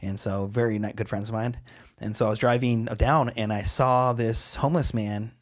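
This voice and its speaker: A man's voice: on the low side, steady tone, moderate pace. A young man chatting casually as a podcast guest, rambling through stories with lots of fillers.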